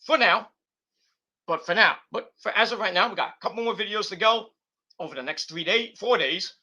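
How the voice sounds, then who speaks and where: Male vlog host, very bright and forceful tone, crude, swaggering rant. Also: high-pitched, a little fast. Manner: brash, profane trash talk. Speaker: wrestling review channel host. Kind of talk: ranting video sign-off.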